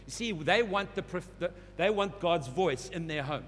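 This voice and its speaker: A man's voice: high voice, moderate pace, hardly any pauses, fairly bright tone. A man preaching a sermon, repeating phrases and building to urgent emphasis. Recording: long hall reverb, faint hum.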